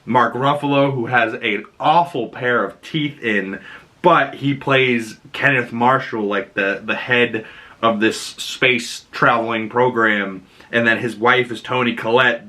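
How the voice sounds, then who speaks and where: A young man reviews a movie in a loose, rambling, chatty way and laughs at his own tangents. His voice is bright and forward. He fills the talk with lots of "you know" and "like". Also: mid-range voice, fairly even intonation, unhurried.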